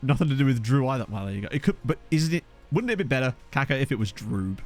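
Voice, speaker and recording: A man's voice: medium pitch, expressive, fast talker, a little mellow, faint music behind. A young man chatting casually while streaming a game, joking about viewers' names and reading the chat. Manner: jokey, riffing on viewers' names.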